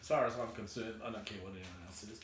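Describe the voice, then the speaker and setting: A man's voice: fairly low pitch, steady tone, very fast, a little hiss or hum. A man with a New Zealand accent chatting as a visiting guest, easygoing, bantering back and trailing off mid-sentence. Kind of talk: casual chat. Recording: echoey warehouse, far from mic.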